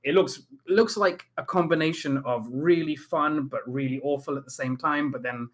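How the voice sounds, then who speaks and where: A man's voice: a little high, normal speed. A man from Leicester, hosting a podcast in casual, laid-back and self-deprecating chat. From Leicester, England. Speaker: podcast host.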